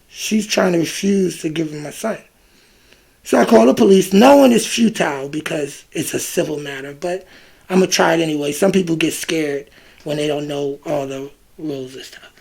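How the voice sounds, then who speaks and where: A man from Ohio telling a personal story in a casual, animated monologue, acting out the exchanges and filling gaps with "da, da, da.". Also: fairly high pitch, moderate pace, gravelly, husky. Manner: animated, reenacts exchanges, scat fillers like "da, da, da". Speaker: vlogger.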